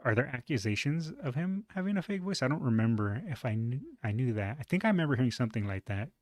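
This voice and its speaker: A man with a moderately deep voice reacting to a video in a relaxed, chatty way, thinking aloud with fillers. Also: quick pace, no echo, clean studio sound. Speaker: reaction streamer. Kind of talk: casual reaction commentary.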